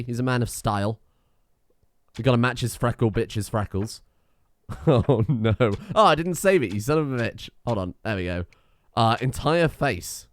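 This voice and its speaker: A man's voice: lowish voice, smooth, no room sound, clean studio sound. An English man casually commentating a video game as he plays, swearing often. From England. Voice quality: sweary, chuckling, offhand. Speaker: game streamer. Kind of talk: casual let's-play commentary.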